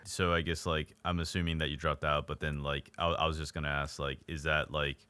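A man's voice: extremely low pitch, little pitch movement, a little fast, sharp tone, clean tone, dry recording. A man hosting a podcast interview, asking rambling questions full of fillers and slang. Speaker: podcast host. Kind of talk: casual interview chat.

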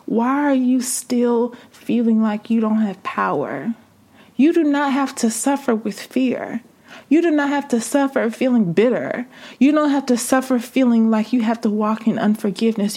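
Woman, impassioned sermon, rhetorical questions, fairly high voice. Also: darkish tone. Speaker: preacher.

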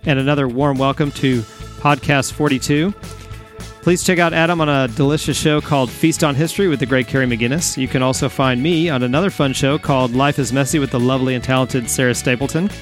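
A man's voice: medium pitch, fairly quick, soft background music. A man co-hosting a podcast in casual chat, friendly and encouraging. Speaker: podcast co-host.

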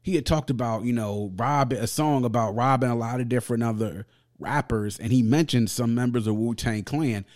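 A man's voice: mid-range voice, normal speed, darkish tone. A man reviewing a record on a podcast in a casual, enthusiastic way, with slang and frequent laughter. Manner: enthusiastic, slangy, laughs often, reads lyrics aloud.

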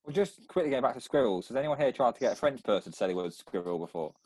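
Quick-talking young man, rambling. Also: medium pitch, animated, darkish tone, husky, no echo. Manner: rambling storyteller, many restarts. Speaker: podcast co-host. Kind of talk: casual podcast chat.

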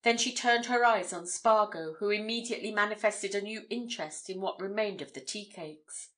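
A woman narrating an audiobook in a measured, steady reading voice. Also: mid-range voice.

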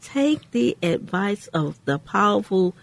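A woman co-hosting a faith-based radio talk show, telling a personal story in an earnest way with pauses. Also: mid-range voice, animated, creaky, no echo.

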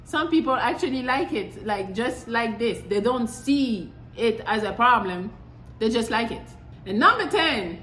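A woman's voice: on the high side, animated, normal speed, a bit bright, a little hiss or hum. A young adult woman hosting a podcast, talking in a blunt, exasperated, profane casual monologue. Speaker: podcast host. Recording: echoey room with faint ambience.

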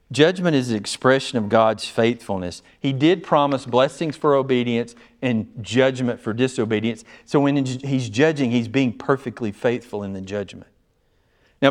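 Leading a small group through a Bible passage, a male pastor speaks in a smooth, resonant voice of average pitch. He's earnest and emphatic, pausing often to check that the group is following.

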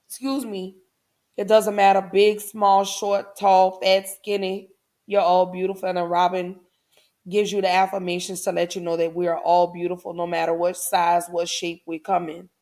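A woman hosting her podcast, talking warmly and encouragingly to her listeners in a casual, heartfelt way. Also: mid-range voice. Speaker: podcast host. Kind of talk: casual affirming talk to listeners.

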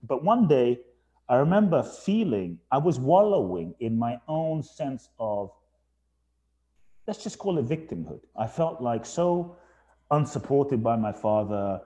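Earnest man with a mellow voice. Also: medium pitch, big pitch swings, a little slow, dull audio. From England. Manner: earnest, emphatic, repeats phrases for effect. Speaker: podcast guest. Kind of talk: reflective storytelling interview.

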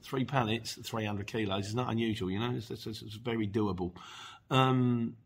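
A man's voice: lowish voice, steady tone, moderate pace, creaky, breathy edge. A middle-aged man hosting a podcast, reading out listener messages and chatting casually with many restarts and asides. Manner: chatty, rambling, with frequent restarts and laughs. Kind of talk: casual chat.

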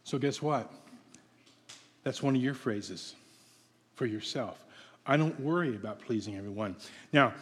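A man's voice: mid-range voice, breathy edge. A man preaching a sermon in a conversational, playful way, asking his congregation questions. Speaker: pastor. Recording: long hall reverb.

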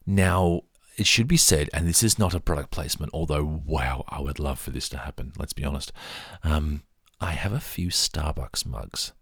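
Low gravelly aussie guy rambling on in a dry close room, bit husky. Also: normal speed, hardly any pauses, a bit bright, dry recording. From Australia. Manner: chatty, rambling, self-deprecating asides. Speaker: vlogger. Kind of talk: casual show-and-tell monologue.

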